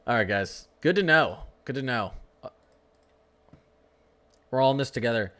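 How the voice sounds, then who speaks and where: A man's voice: medium pitch, animated, takes it slowly, pauses often, fairly bright tone, clear, resonant tone. A young man hosting a live severe-weather stream, chatting casually and teasing his viewers. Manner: joking, talks to chat, frequent laughs. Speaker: livestream weather host.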